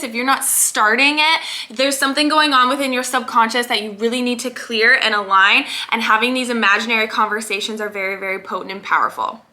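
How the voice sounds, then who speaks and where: A woman's voice: a little high, pushed and bright. A woman mindset coach giving an earnest, emphatic motivational talk to camera, stressing and repeating key words.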